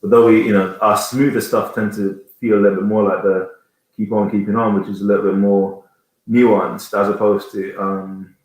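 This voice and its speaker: Guest singer, man in his thirties from Jamaica, rambling chat, deep voice with heavy room echo. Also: flat delivery, moderate pace, a little mellow. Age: 30s. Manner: rambling, searching for words, many restarts. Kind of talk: casual interview chat. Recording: very echoey room.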